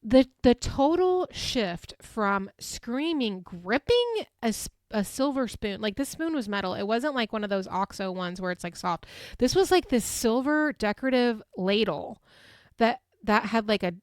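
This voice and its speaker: A woman in her thirties, hosting a podcast and retelling events in a chatty, animated way, full of fillers. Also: fairly high pitch, unhurried, dry recording, clean studio sound. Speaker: podcast host. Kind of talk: casual recap chat.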